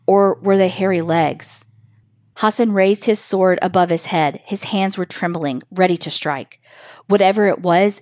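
Woman narrator reading a kids' spooky story, fairly low voice, measured and expressive. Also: no room sound, clean studio sound. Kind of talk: reading a children's story aloud.

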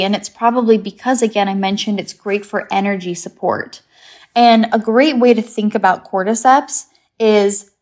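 An Englishwoman appears as a guest expert in a casual chat, explaining things upbeat and chatty with simple memory tricks. Her voice is medium-pitched with a darkish tone.

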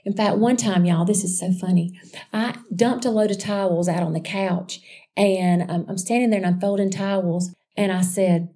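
A woman sharing a personal faith testimony in a chatty, animated storytelling way, calling her listeners y'all. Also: mid-range voice, normal speed. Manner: chatty and animated, addressing listeners as y'all, with frequent restarts and asides.

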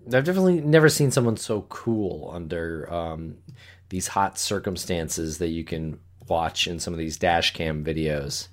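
A man co-hosting a casual true-crime discussion, speaking in a measured way with some hesitant fillers. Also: low voice, expressive. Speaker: podcast co-host.

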